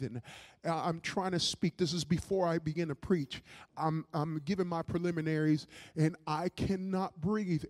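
A middle-aged man preaching a personal testimony as a pastor, impassioned and repeating words, swinging from loud to hushed. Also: on the high side, in a large hall. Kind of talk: testimony sermon.

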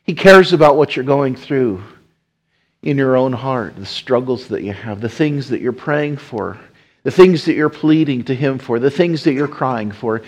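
A man preaching a sermon, rising to emphatic appeals and dropping to soft hushed passages. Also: mid-range voice, animated, unhurried, slightly rough. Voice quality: whispers at times. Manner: swells loud and emphatic, then drops to a soft hush.

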